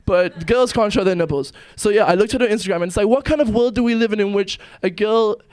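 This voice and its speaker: A man's voice: sits high, fast, a little mellow, no room sound. Nervous young man doing stand-up. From South Africa. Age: 20s. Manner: nervous, self-deprecating joke delivery. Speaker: stand-up comedian and YouTuber. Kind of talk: stand-up comedy set. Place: comedy club stage.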